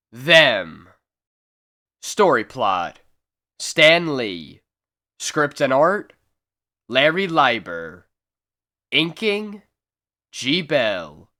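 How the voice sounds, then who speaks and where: A man reading a comic book aloud as narrator, with slow, theatrical delivery. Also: medium pitch, pushed and bright.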